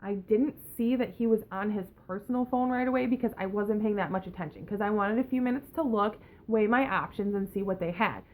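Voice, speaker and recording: A woman's voice: mid-range voice, a little fast, few pauses, a little mellow, a little hiss or hum. A woman YouTuber telling a storytime rant to camera, heated and profane, acting out both sides of the exchange. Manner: talks in a cooing baby voice to her pet.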